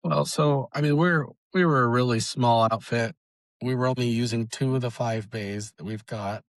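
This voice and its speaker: A young man being interviewed about his family's auto repair shop, telling the story in a halting way with many restarts. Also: medium pitch, no echo. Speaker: guest, auto shop owner's son.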